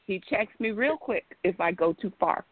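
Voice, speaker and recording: A woman's voice: mid-range voice, animated, normal speed, no echo. A woman calling in to a casual discussion show, explaining at length in an emphatic, repetitive, rambling way. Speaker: caller. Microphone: phone. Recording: tinny phone line.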